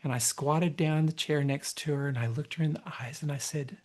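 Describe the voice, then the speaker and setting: A man hosting a podcast interview, talking expressively, telling stories and laughing easily. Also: on the high side. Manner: expressive, storytelling, quick to laugh. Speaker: podcast host. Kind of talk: conversational interview.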